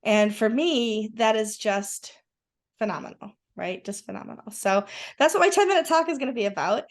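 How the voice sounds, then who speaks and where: A woman's voice: a little high, lively intonation, normal speed. A woman chatting as a guest, enthusiastic and rambling with many restarts. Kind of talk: casual conversation.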